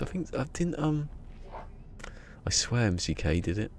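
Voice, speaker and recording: A man's voice: mid-range voice, big pitch swings, unhurried, a little hiss or hum. A man chatting casually on a live game stream, joking and rambling with frequent laughter.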